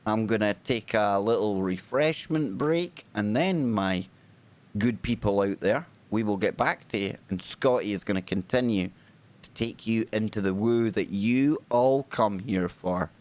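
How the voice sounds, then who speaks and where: Hosting a live paranormal stream, a British-accented man keeps a lowish voice at a measured pace. He jokes around and chats casually with his audience in a lively way.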